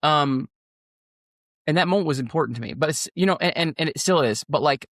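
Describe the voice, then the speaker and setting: A man's voice: on the high side, a little fast, a bit bright, no room sound, clean studio sound. A man, a pastor, telling a personal story on a podcast in an earnest, rambling way with many fillers. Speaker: pastor and guest.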